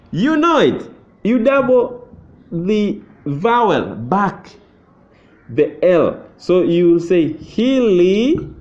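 Slow, lively Tanzanian man teaching. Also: high voice. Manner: slow, patient, repeats phrases and asks "you see that?". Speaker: Swahili teacher. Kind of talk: language lesson. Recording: muffled lo-fi recording.

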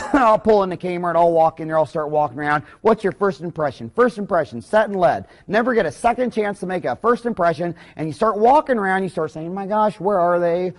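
A man's voice: high-pitched, animated, brisk, few pauses. A man, a dentist, giving a rambling, blunt and folksy business lecture full of anecdotes.

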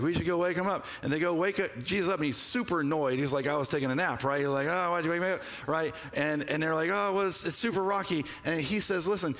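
A man preaching from the pulpit in a loose, animated, storytelling way. His voice sits a little high for a man. The sound rings with a long reverb from a large church sanctuary. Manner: conversational, animated storytelling with quick asides. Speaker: pastor. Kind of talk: sermon.

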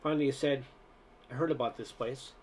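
A man's voice: medium pitch, fairly even intonation, a little fast, slight background noise. A man reading a short story aloud, narration and dialogue in one voice, stumbling and restarting on some words. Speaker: amateur reader.

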